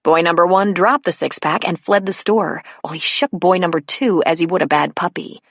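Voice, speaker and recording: A woman narrating an audiobook in a measured, even storytelling manner on a close mic. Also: fairly low pitch, gravelly, no room sound. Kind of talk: scripted narration.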